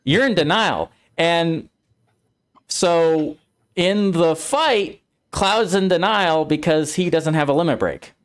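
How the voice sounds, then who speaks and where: A man hosting a casual game discussion, explaining the story in an animated way and acting out the characters. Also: on the high side, takes it slowly, clean tone. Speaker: streamer and host.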